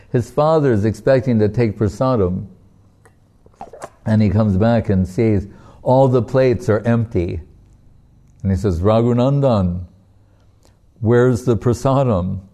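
A man giving a devotional sermon, telling a sacred story in an unhurried, storytelling way and chuckling often. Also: fairly low pitch, warm tone. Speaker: devotional speaker.

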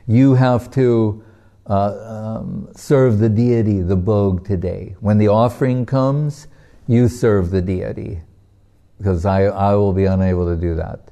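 A matter-of-fact village father giving his son instructions, as a man telling the story puts him on. He speaks slowly in a low, very dark and mellow voice. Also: fairly even intonation, creaky. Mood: instructing.

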